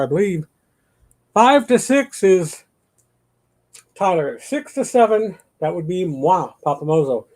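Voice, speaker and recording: A man's voice: high voice, a little mellow. A man from Chicago hosting a casual live chat show, joking and teasing his guest and greeting viewers in the chat. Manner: jokey, teasing banter. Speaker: livestream host.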